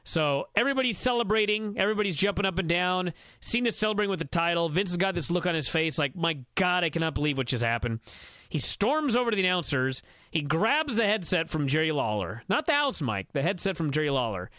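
A man recapping a wrestling match on a radio show, telling it in a quick, excited run with many fillers. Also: high-pitched, dry recording. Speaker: wrestling analyst.

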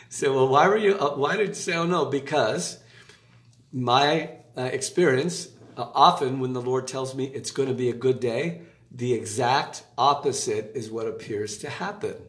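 A man giving a casual devotional talk from a room in his home, chatty and animated, with asides and laughter. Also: mid-range voice, reverberant. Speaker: preacher giving an online devotional. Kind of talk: casual preaching to camera.

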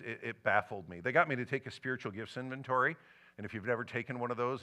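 Bright-voiced man preaching a personal story. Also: mid-range voice. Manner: personal storytelling with lively emotional swings. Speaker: pastor. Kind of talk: sermon. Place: church sanctuary.

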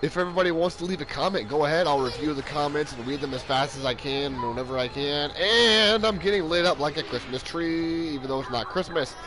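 A man streaming live gameplay commentary into a headset mic, often yelling in frustration and laughing. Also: a little high, fairly quick, hardly any pauses, over music, poor audio. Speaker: game streamer.

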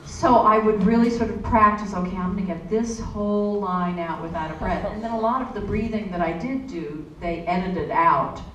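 A woman voice actor answering questions on a convention panel, chatty and storytelling with many asides. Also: medium pitch. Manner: chatty, warm storytelling with frequent "you know". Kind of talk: panel Q&A talk. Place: convention hall. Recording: echoey hall from far off, faint noise.

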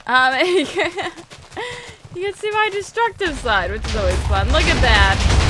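A young woman with a high, bright voice chats away as she plays a video game, rambling and giggly. She talks into a desk mic, with a faint hiss of background noise behind her. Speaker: gaming YouTuber. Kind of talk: casual gameplay commentary.

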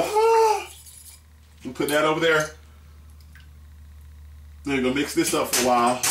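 Joking man hosting a home cooking video. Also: mid-range voice. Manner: rambling, jokey, deadpan mock-tearful. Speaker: home cooking show host. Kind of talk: comedic home cooking demo. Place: home kitchen. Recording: echoey room, faint noise.

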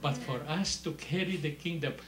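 A man preaching a sermon in an animated way, swinging from soft, low asides to loud, high-pitched exclamations and laughing as he tells stories. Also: normal speed, reverberant, slight background noise.

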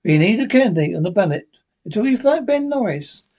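A man voicing a steady, commanding frontier lawman with a husky voice. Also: high-pitched, a little fast, pitched above the performer's own voice, full character voice. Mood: firm. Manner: firm, commanding.

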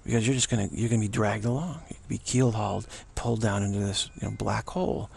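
A man's voice: on the low side, fairly even intonation, quick pace, gravelly, a little mellow, husky. A man giving an unscripted spiritual teaching outdoors, rambling and repetitive, often restarting his sentences.

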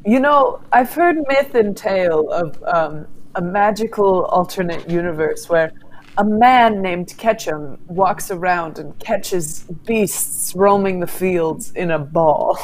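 A woman at a tabletop game speaks in a lowish voice. Her delivery is playful and mock-grand. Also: takes it slowly, rough recording. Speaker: player. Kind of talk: tabletop role-play chat.

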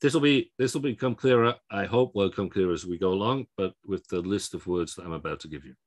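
A man with a somewhat low voice lectures on pronunciation rules. He explains patiently, stumbling through fillers and restarts. He keeps checking that his students follow along. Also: quick pace. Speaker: Spanish language instructor.

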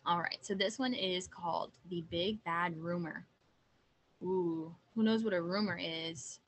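Young woman, read-aloud host for kids, unhurried and friendly. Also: on the low side, low-quality recording. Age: young adult. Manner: gentle, chatty, asks the kids questions. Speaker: student reading aloud to children. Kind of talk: picture-book read-aloud.

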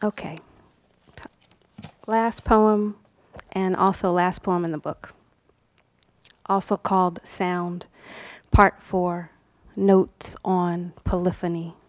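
A woman's voice: lowish voice, steady tone, takes it slowly, long pauses, no echo. A woman poet reading her work at a live event, in rhythmic, incantatory repetitions that at times drop to a whisper, with casual, laughing chat between poems.

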